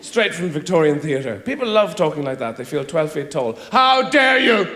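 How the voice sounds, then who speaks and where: Rambling, lively-pitched man doing stand-up. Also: moderate pace, slight background noise. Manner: rambling, theatrical, acts out quoted voices. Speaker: stand-up comedian. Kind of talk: stand-up comedy routine. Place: theatre stage before a laughing audience. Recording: roomy live theatre sound.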